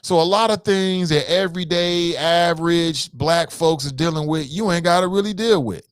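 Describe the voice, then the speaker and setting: A little high and clear with a resonant tone, this man talks at normal speed with hardly any pauses, recorded with no echo. Hosting a news commentary show, he's blunt, profane and animated, chatting casually and addressing viewers directly as "fam".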